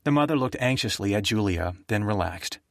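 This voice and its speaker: A man narrating a thriller audiobook in a steady, even storytelling manner. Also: lowish voice, a little fast, creaky, no room sound, studio quality.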